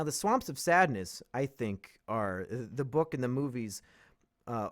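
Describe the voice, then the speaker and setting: A man hosting a casual podcast, retelling a film in an animated, profane way and laughing often. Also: a little high. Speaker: podcast host.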